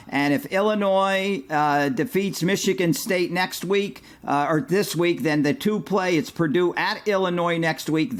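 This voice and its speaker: Fairly high-voiced agreeable betting analyst man. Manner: conversational, agreeable, many fillers and restarts. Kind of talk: sports betting podcast chat.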